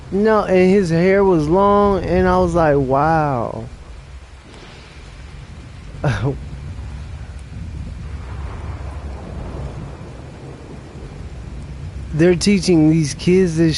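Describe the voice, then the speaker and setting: A man's voice: sits high, a little mellow, a little hiss or hum. A young adult man streaming a game late at night, chatting casually in a rambling, profane way with restarts.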